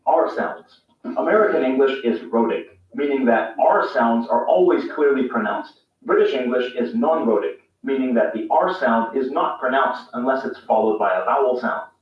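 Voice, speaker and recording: A man giving a scripted lesson on accents, explaining clearly and calmly with spoken examples. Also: medium pitch, moderate pace. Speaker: English teacher in a played video. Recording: roomy, distant, muffled video played on speakers.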